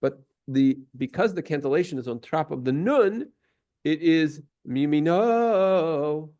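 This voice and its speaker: A man's voice: a little high, lively intonation, normal speed, darkish tone, muffled recording. A man teaching a class, explaining at length with many fillers and restarts and taking questions.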